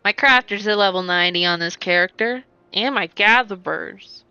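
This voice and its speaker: Bright, playful woman streaming a game. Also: mid-range voice, smooth, no echo, dull audio, soft background music. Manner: playful, chatty, quick bursts of excitement. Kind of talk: casual gameplay commentary, reading game dialogue aloud.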